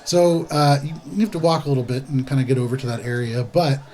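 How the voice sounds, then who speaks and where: A man's voice: mid-range voice, fast, a little mellow. A man running a tabletop game as game master, describing scenes in a loose, casual way full of fillers.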